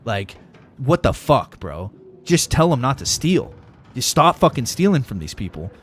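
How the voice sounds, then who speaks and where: A young man live-streams a game and rants to his viewers, swearing freely and leaning hard on his points. His voice sits at an ordinary middle pitch, with faint noise behind it. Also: sing-song, moderate pace. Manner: profane, ranting, emphatic. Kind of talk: casual gaming livestream chat.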